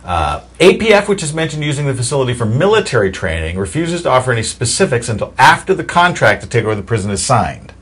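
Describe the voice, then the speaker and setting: A man's voice: medium pitch, sing-song, fast, hardly any pauses, fairly bright tone, husky. A man hosting a casual political commentary show, reading news articles aloud with wry asides and fillers.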